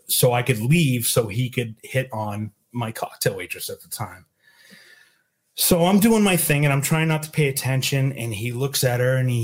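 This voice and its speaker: Profane storytelling man, slight Boston accent. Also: medium pitch. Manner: profane, animated storytelling with acted quotes. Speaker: guest storyteller. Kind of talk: casual storytelling.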